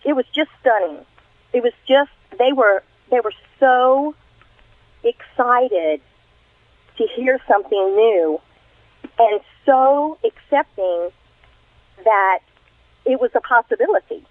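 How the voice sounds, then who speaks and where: A woman's voice: fairly high pitch, animated, slow pace, long pauses, no echo. A middle-aged woman, a retired crime scene investigator, telling her story earnestly and with animation in a radio interview. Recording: tinny phone line, dry.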